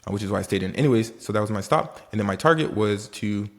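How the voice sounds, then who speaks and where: A man with a Haitian accent casually recapping his options trades in a rambling, animated way, quoting himself and swearing now and then. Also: lowish voice, quick pace, vocal fry. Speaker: options day trader vlogger. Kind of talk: casual trading recap vlog.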